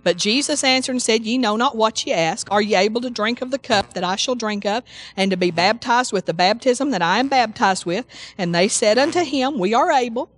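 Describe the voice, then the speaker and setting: A woman preacher delivering a fervent sermon, reading scripture slowly and calling out praise. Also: a little high, animated. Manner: fervent, slow emphatic scripture reading with exclamations.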